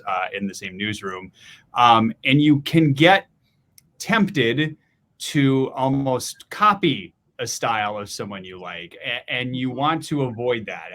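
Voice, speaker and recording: A middle-aged man speaks on a panel about his reporting career in a reflective, earnest way. His voice sits fairly low but has a bright, forward tone. He often restarts his sentences as he thinks. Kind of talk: casual panel discussion.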